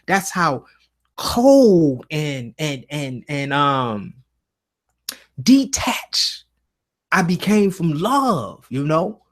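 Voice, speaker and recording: A man's voice: fairly high pitch, a bit bright. A man hosting a casual live-stream show, telling stories earnestly with many restarts and fillers. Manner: emotional, earnest.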